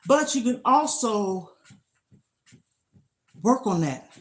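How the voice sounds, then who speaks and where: An older woman, a lifestyle vlogger, chats casually on a live stream into her phone while exercising, speaking in an emphatic, motivational way. Her fairly high voice is expressive, and she talks slowly.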